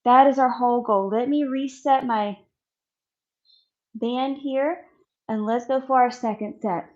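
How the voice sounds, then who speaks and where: A woman's voice: on the high side, steady tone, a little slow, darkish tone, muffled recording. Breathless woman coaching a workout. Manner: encouraging, counts reps aloud, demonstrates while talking. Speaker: fitness instructor. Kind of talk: coaching a follow-along workout.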